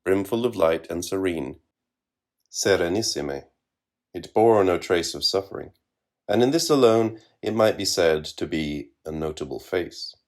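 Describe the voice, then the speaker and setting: A man narrating literary fiction in a measured, wry reading. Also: low voice, animated, a little mellow.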